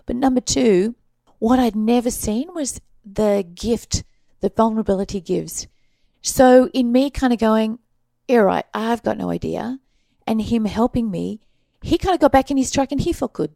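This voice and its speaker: An Australian woman guest telling her stories in a casual interview, animated and laughing often. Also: on the high side, moderate pace, gravelly, no echo. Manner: animated storyteller, laughs often, acts out quoted voices.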